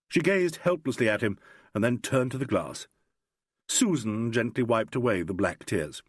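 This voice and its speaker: A man narrating an audiobook in a measured, expressive storytelling manner. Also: medium pitch, slightly rough, dry recording, clean studio sound. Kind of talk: scripted narration.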